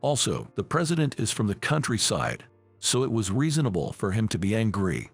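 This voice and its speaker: A man tells a first-person story in a scripted, measured way. His voice has a gravelly texture and a mid-range pitch that moves expressively up and down. Soft music plays faintly underneath. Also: big pitch swings, no echo. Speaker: narrator.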